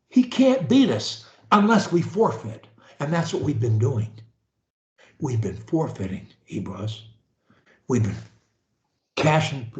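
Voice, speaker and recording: A man coaching a stutterer over a video call, preachy and animated, swinging from loud to whispered. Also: medium pitch, roomy sound, dull audio. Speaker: speech coach.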